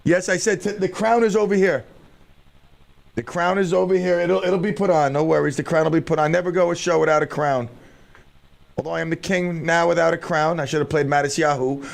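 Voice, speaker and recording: A man's voice: fairly high pitch, fairly even intonation, brisk, creaky. A middle-aged man hosting a radio show, rambling casually and mocking himself while he fumbles with studio gear. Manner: scattered, self-mocking, thinks aloud while fiddling with gear.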